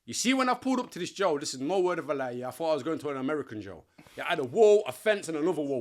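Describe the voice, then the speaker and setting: Animated man telling stories. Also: fairly high pitch, racing. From Nottingham, England. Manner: animated, slang-heavy, acts out quoted voices. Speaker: podcast guest. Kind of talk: casual storytelling.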